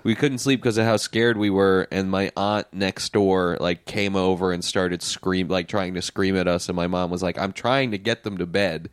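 A man's voice: low voice, little pitch movement, moderate pace, few pauses, clear, resonant tone, no echo, studio quality. A young man co-hosting a podcast, telling a rambling story full of "like" fillers in casual chat. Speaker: podcast co-host.

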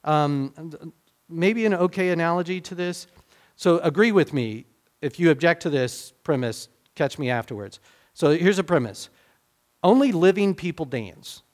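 Man preaching in a high, conversational voice. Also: animated, moderate pace. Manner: conversational, restarts often, swings between loud emphatic bursts and quiet asides. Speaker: pastor. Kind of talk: sermon.

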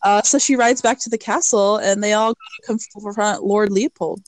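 A woman's voice: mid-range voice, fairly even intonation, moderate pace, no echo, poor audio. A woman co-hosting a podcast, casually recapping a movie with lots of fillers and acted-out quotes. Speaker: podcast co-host.

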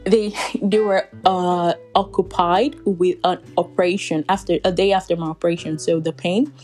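A woman's voice: lowish voice, fairly even intonation, normal speed, a little mellow, soft background music. A young woman vlogger telling a personal story in a casual, rambling way, full of "like" and little laughs. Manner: rambling, heavy use of "like", laughs between phrases.

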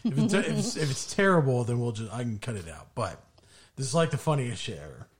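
A man's voice: medium pitch, fairly quick, crowd noise. A man co-hosting a podcast, telling stories in casual chat and swearing often. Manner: profane, animated storytelling. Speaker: podcast co-host.

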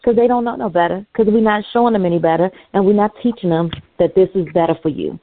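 A woman co-hosting a podcast speaks earnestly and emphatically in casual conversation, her voice mid-range and fast. The recording is dry with no echo and has a thin, phone-like sound.

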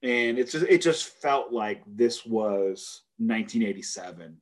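A man from the United States co-hosting a music podcast, talking in an animated, emphatic and joking way. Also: fairly low pitch, unhurried. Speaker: podcast co-host. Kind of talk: casual podcast chat.

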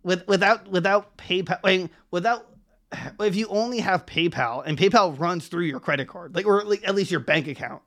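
A man's voice: high voice, normal speed, fairly bright tone. A man co-hosting a podcast, chatting casually and rambling with many restarts and laughs. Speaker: podcast co-host.

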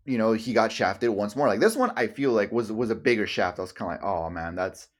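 A man's voice: lowish voice, animated, quick pace. A young man co-hosting a casual podcast, rambling with lots of "like", swearing freely and acting out what others said. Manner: rambling, full of "like", swears casually, acts out quotes. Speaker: podcast co-host. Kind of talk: casual chat.

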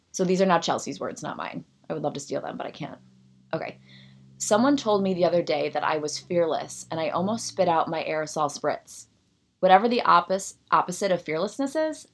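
A woman in her thirties hosting a solo podcast, ranting sarcastically and animatedly, then reading a passage aloud. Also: low voice. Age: 30s. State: out of breath. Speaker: podcast host.

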